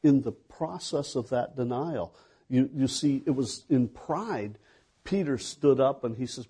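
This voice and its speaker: Male preacher, slow conversational sermon, dark mellow tone. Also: medium pitch, expressive, slightly rough. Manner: conversational preaching with rhetorical questions. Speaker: pastor.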